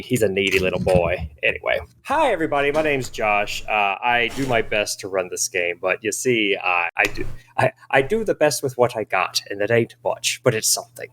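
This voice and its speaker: A man serving as game master, chatting loosely before a streamed tabletop session. His pitch swoops around in an animated way as he rambles and pokes fun at himself. He laughs easily between thoughts. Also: a little hiss or hum. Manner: rambling, self-deprecating, laughs often.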